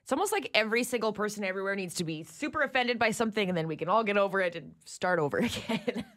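A woman's voice: mid-range voice, expressive, fast talker, fairly bright tone. A woman co-hosting a radio morning show, conversational and giggly. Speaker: radio co-host. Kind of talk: casual radio banter.

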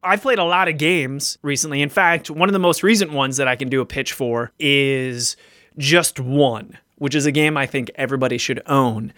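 A man's voice: mid-range voice, moderate pace, bright, forceful tone, no echo, clean studio sound. A man co-hosting a podcast, joking and teasing in casual chat. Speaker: podcast co-host.

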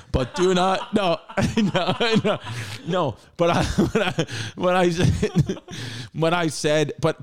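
Rambling, animated male podcast host. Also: on the high side. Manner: rambling, animated, swearing, acts out quotes. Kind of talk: casual storytelling.

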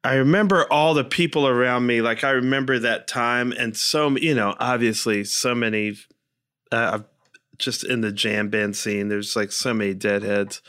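A man's voice: medium pitch, fairly even intonation, moderate pace, clean tone. A man co-hosting a podcast, speaking in a hesitant, reflective way in casual chat. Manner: soft-spoken, hesitant, reflective. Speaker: podcast co-host.

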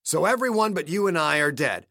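A man's voice: fairly high pitch, lively intonation, fairly quick, sharp tone, no room sound, studio quality. A man voicing a battered, injured man who swears a lot and speaks sardonically. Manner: profane, sardonic.

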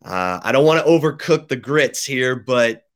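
A man hosting a podcast interview. He talks in a conversational way, with quick asides and folksy turns of phrase. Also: mid-range voice, expressive. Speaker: podcast host. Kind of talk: casual interview talk.

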